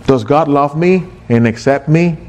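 A man preaching a sermon as pastor, slow and emphatic, with sudden excited rises in his voice. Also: on the high side.

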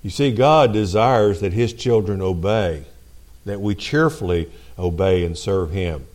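A low-pitched man preaching from the pulpit. He builds each point through repeated phrases and lands the key lines slowly and deliberately. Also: a little mellow. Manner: preaching with rising emphasis and dramatic pauses. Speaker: pastor. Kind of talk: sermon.

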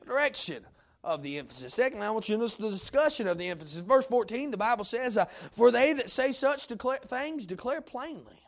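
A male preacher delivering a sermon, full of "uh" fillers and building to shouted points. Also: very high voice, lively intonation, fairly quick. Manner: heavy "uh" fillers, rising to shouts.

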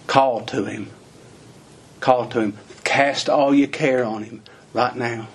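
A man's voice: medium pitch, fairly even intonation, slow, breathy edge. A man preaching a sermon in a folksy, questioning way, using plain rural phrasing and asking lots of rhetorical questions.

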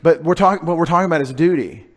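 A man's voice: fairly high pitch, lively intonation, fast talker. A male pastor, preaching a conversational sermon with joking asides to his congregation.

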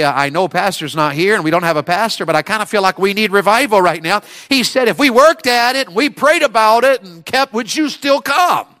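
Evangelist, male, bright tense tone, folksy sermon storyteller who gets fired up. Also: medium pitch, clean tone. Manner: folksy storytelling with rising bursts of excitement. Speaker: evangelist preacher.

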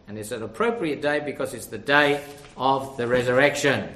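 A man's voice: mid-range voice, a bit bright. A man preaching a sermon in an earnest way, building to fervent emphasis. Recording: echoey room.

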